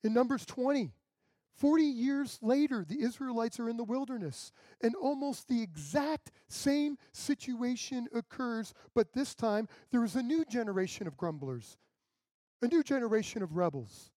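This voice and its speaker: A man's voice: extremely high pitch, lively intonation, normal speed, warm tone, no echo. A male pastor preaching a sermon in a conversational way, acting out the people he quotes.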